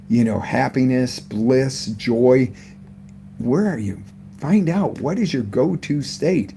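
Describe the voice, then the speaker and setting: A man with a mid-range, creaky voice and dark tone gives an unscripted live motivational talk from a broadcast setup, with slight background noise. Speaking conversationally as a motivational coach, he asks his listeners about their week and their state of mind.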